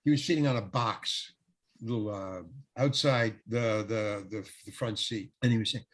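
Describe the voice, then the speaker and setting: An older man appears as a guest actor, rambling through showbiz anecdotes in casual conversation, frequently restarting and acting out quoted lines. His voice is lowish and his pace normal.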